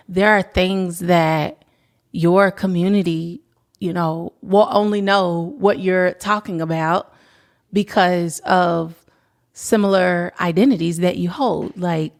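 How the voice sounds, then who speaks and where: Gravelly-voiced woman guest, thoughtful. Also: on the low side, fairly even intonation, unhurried. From Louisville, Kentucky. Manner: thoughtful, searching for words, many fillers. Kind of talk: casual conversation.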